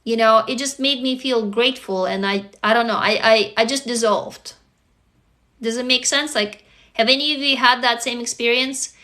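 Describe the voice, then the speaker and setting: Young non-native English-speaking woman, livestream host, confessional and direct, bright, fairly high voice. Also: fairly even intonation, moderate pace. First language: not English. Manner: earnest, confessional, addresses viewers directly. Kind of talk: casual heartfelt livestream talk.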